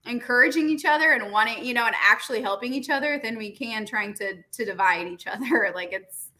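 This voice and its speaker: A woman's voice: fairly high pitch, brisk. A woman talking earnestly in a casual conversation, with lots of "like" and "you know". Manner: earnest, animated, many fillers.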